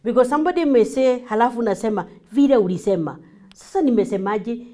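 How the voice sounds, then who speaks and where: A woman with a Kenyan accent teaching a class as a marriage coach, acting out lively examples and slipping in Swahili. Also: on the high side, fast talker. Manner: animated, acts out examples, mixes in Swahili.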